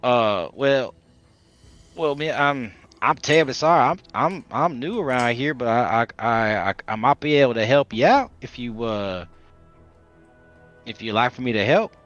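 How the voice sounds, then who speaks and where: A man's voice: mid-range voice, lively intonation, moderate pace, a bit bright, soft background music, natural voice. Folksy drawling rabbit-man, stammers, chatty, played by a man, dull sound. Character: folksy rabbit-eared man, talkative charmer.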